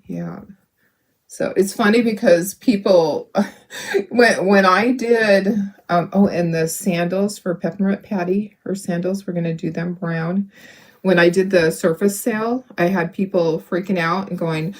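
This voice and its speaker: A middle-aged woman hosts a craft video, rambling casually while she paints, laughing often and talking to her viewers. Her voice is fairly low and her delivery is unhurried.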